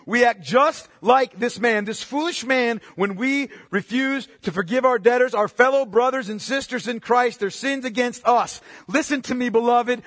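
A man preaching a sermon with passion, firing rhetorical questions and swinging between loud outbursts and hushed asides. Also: very high voice, moderate pace, hardly any pauses, dry recording, clean studio sound, in a large hall. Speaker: pastor.

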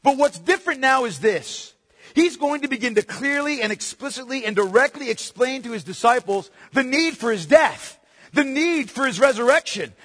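A male pastor preaching a sermon, emphatic and repetitive, swinging from soft to loud. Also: extremely high pitch. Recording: long hall reverb.

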